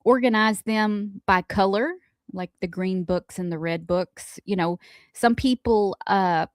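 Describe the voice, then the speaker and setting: A woman co-hosting a morning radio show, playful and quick to laugh. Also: medium pitch, no room sound, clean studio sound. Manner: giggly, playful, chatty. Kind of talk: casual radio banter.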